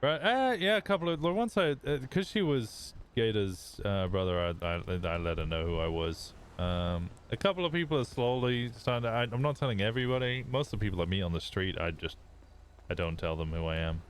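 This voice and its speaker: A man's voice: on the low side, a little hiss or hum. A man chatting casually in character during a role-play stream, rambling through a story with restarts. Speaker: streamer playing a wanted character.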